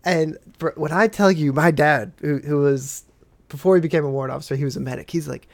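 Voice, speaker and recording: A man's voice: a little high, a little fast, vocal fry. A man hosting a podcast who tells stories in casual chat, swearing often and laughing through the telling, heard over a video call. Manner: profane, laughing, animated storyteller. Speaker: podcast host.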